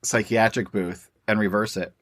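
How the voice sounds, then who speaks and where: A man's voice: lowish voice, steady tone, normal speed, fairly bright tone, no echo, studio quality. Wry man co-hosting a podcast. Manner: wry, teasing humor. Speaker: podcast co-host. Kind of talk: casual chat and reading comic strips aloud.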